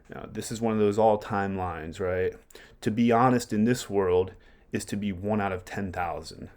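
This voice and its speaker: A man talks through a play in a relaxed, chatty way. He often breaks off with fillers and corrects himself. His voice sits fairly low. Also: moderate pace. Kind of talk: casual explanation of a play.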